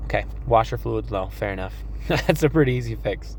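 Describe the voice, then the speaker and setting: Laughing frequently, a man who sells cars walks through a truck in an easygoing, upbeat manner. His somewhat hoarse voice sits fairly low and is expressive and a bit fast, recorded outside on a chilly lot against a noisy background.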